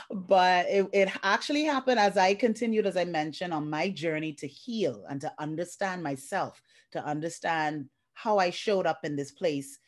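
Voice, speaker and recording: This guest, a middle-aged life coach from the Bahamas, shares a heartfelt personal story on a video call, animatedly performing what others told her. Her voice is on the low side, and she keeps a moderate pace.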